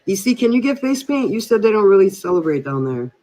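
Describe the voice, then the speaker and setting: A man's voice: high voice, sing-song, quick pace, a little mellow. A man hosting a casual live stream chat, talking loosely and reading out viewer comments. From Midwest US. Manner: chatty, reads out viewer comments.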